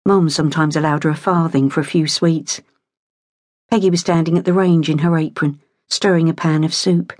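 Audiobook narrator, woman, lowish, measured, dry booth sound. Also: fairly even intonation, darkish tone, no room sound. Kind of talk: scripted narration.

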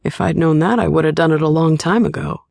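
A woman's voice: low-pitched, brisk, gravelly, darkish tone, no echo, studio quality, full character voice. A woman reading the part of a young man, a worried and teasing sparring partner, in an audiobook. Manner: caring, teasing.

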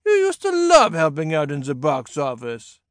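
A man voicing a hulking stitched-together monster father who is stern and gruff, with a rough voice and a heavy accent between German and French. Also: a little high, huge pitch swings, moderate pace, no room sound, pitched above the performer's own voice. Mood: coaxing. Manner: commanding, scolding.

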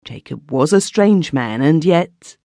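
A man voicing Butters, a quiet, shaken juror. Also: fairly high pitch, animated, no room sound, voice pushed up. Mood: anxious. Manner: quiet, slow, trembling. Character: shaken, guilt-ridden older juror Butters. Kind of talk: audiobook character voice.

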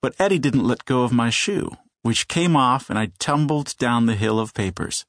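A man reading a children's novel aloud in measured storytelling, slowing down for suspense. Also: medium pitch, animated, a bit bright, no echo, studio quality. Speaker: audiobook narrator. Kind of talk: scripted children's audiobook narration.

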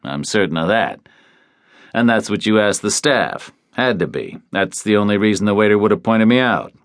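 Man doing a terse, observant audiobook drifter, deep and matter-of-fact. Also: lively intonation, moderate pace, no echo, clean studio sound, lightly acted. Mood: blunt. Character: sharp-eyed tough male drifter. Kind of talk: audiobook character reading.

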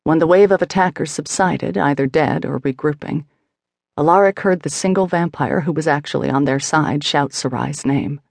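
A woman's voice: low voice, moderate pace, vocal fry, darkish tone, no echo, clean studio sound. Woman narrating a fantasy audiobook. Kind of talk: scripted narration.

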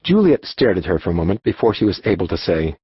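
A man narrating a children's audiobook in an expressive storytelling manner. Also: low-pitched, fast, breathy edge, no echo, highs cut off. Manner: expressive storytelling, voicing dialogue.

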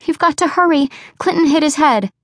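A woman reading an audiobook, voicing a bubbly, nervous young pregnant woman who talks in a high, excitable rush. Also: fairly quick, no echo, clean studio sound. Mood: excitable, anxious. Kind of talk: audiobook character voice.

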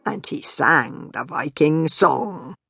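A woman reading her own children's book aloud, with a playful, expressive delivery and whispered asides. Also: sits low, takes it slowly, gravelly, husky, dry recording, studio quality. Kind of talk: expressive storybook narration.

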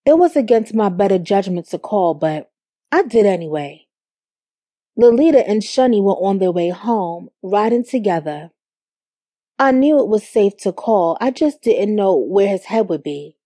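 A young adult woman reading a first-person story aloud with measured storytelling. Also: medium pitch, lively intonation, dark tone, no room sound. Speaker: audiobook narrator. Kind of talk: first-person scripted narration. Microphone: studio microphone.

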